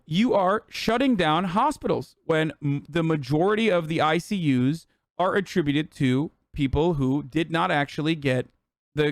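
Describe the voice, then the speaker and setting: A man doing casual livestream commentary, profane, sarcastic and animated. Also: fairly high pitch, no room sound. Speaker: streamer.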